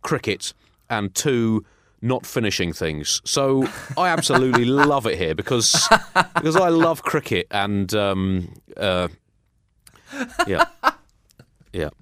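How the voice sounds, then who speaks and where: A man's voice: lowish voice, big pitch swings, slow pace, a bit bright. A man co-hosting a comic podcast, rambling and self-mocking, chuckling through his jokes. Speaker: podcast co-host.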